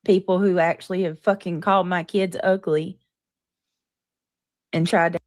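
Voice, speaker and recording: A woman's voice: lowish voice, little pitch movement, normal speed, darkish tone, no echo, studio quality. A woman hosting a live-stream chat, talking in an indignant, profane way and repeatedly demanding answers. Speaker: livestream host.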